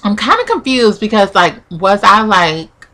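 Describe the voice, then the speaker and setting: Bright-voiced young woman telling a story. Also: mid-range voice, very animated, a little slow. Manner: chatty, peppered with "like", acts out quotes. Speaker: vlogger. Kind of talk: casual storytime.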